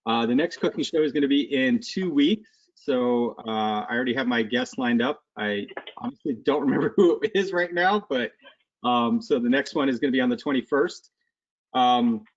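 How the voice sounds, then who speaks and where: A man's voice: mid-range voice, dull audio. A man hosting a casual home cooking stream, talking loosely with lots of fillers. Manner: loose and rambling, many fillers. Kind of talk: casual chat.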